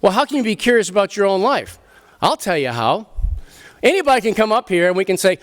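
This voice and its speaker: A middle-aged man, speaking to a literary festival audience in an animated, emphatic way, often restarting his sentences and swearing casually. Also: high-pitched, fast. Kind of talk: animated talk and Q&A. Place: festival venue before an audience.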